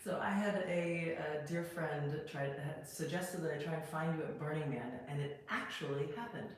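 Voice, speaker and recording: A woman's voice: deep voice, lively intonation, normal speed. A woman hosting a podcast, chatting and giggling often as she introduces her guest. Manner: giggly, warm interviewer. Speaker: podcast host. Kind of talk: casual podcast chat. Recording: echoey room, faint noise.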